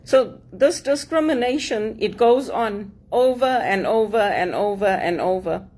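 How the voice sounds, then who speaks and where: A woman's voice: mid-range voice, lively intonation, a little slow, darkish tone. A woman with a mix of English and African accent, giving an earnest, emphatic personal monologue to camera and repeating her points. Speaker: vlogger.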